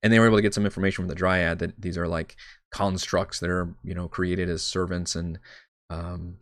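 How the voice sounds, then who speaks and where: A man's voice: low voice, flat delivery, a little fast, fairly bright tone, no room sound, clean studio sound. A man preparing his tabletop game on a live stream, talking casually, rambling and correcting himself. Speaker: dungeon master.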